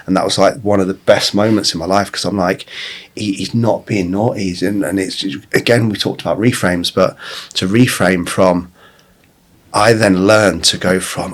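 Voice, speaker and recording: Low-voiced candid man telling stories. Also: fairly even intonation, moderate pace. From England. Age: 40s. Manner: candid, swears freely, many restarts and fillers. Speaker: podcast guest, life coach. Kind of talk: casual conversational storytelling.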